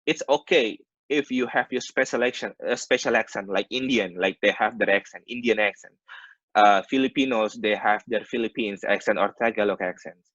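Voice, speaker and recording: A man's voice: fairly low pitch, moderate pace, fairly bright tone, dry recording. A man with an Indonesian accent teaching maritime English in an online class. He explains terms by giving Indonesian glosses and often restarts his sentences. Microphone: video call. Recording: muffled online call audio.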